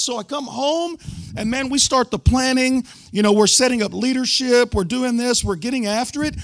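Man preaching a testimony, high voice, dry close sound, animated, swings from loud to hushed. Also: normal speed, no echo. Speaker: speaker giving a testimony to a church group. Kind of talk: sermon testimony.

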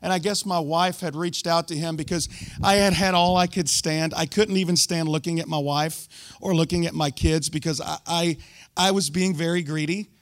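Man preaching a testimony, high voice, dry close sound, animated, swings from loud to hushed. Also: normal speed, dry recording. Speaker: speaker giving a testimony to a church group. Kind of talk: sermon testimony.

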